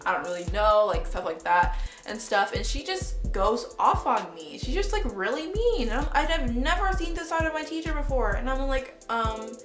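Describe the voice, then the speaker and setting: A woman's voice: high voice, sing-song, moderate pace. A woman vlogger telling a story in a casual, dramatic way, swearing freely. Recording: echoey room, faint music.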